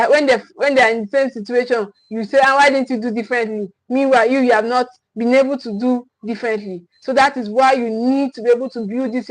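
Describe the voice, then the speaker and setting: Woman, high-pitched, parenting coach, livestream teaching talk, emphatic, repetitive, dry close sound. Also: no echo, poor audio. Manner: emphatic and repetitive, restating key phrases; frequent restarts and checking "okay?".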